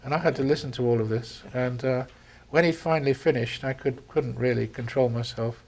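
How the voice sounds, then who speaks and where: A man's voice: mid-range voice, steady tone, a little fast, darkish tone. An older man with an English accent, a surgeon reminiscing in conversation, telling stories with frequent ums and restarts. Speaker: surgeon interviewee.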